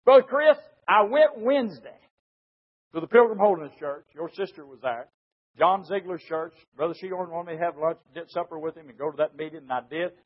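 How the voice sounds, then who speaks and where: Brief: male preacher, very high voice, emphatic story sermon, muffled lo-fi tape. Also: lively intonation, fairly quick. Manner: emphatic, swings from shouting to hushed; storytelling with repeated "said". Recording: dull lo-fi recording.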